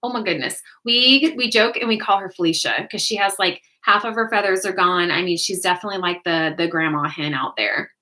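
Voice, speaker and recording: An American woman hosts a casual livestream, her voice bright and forward. She chats warmly with viewers and laughs often while answering their comments. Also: on the low side, fairly quick, hardly any pauses. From United States. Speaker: livestream host.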